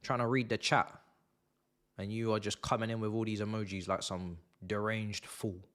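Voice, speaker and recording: A young man hosting a live football watch-along, talking sarcastically and swinging between muttered asides and loud rants. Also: on the low side, flat delivery, normal speed.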